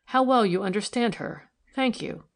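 A man's voice: high-pitched, lively intonation, moderate pace, vocal fry, voice pushed up. A woman reading a sober, wistful young man. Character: troubled young man confiding in a visitor. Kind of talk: audiobook character reading.

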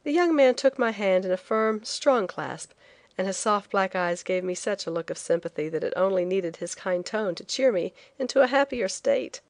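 A woman narrating a first-person travel memoir in a measured, expressive reading. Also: medium pitch, no room sound. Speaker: audiobook narrator.

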